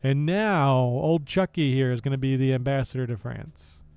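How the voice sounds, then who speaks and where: An American man streaming casual political commentary, sarcastic and laughing often, with halting speech full of fillers and restarts. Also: mid-range voice, steady tone, a little mellow, smooth, no echo. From United States.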